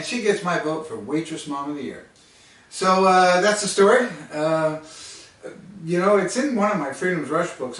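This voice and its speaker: Man storyteller, casual and self-mocking, slightly high voice, distant mic. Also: fairly bright tone. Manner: chuckling, rambling and self-mocking. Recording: distant mic in a very echoey room.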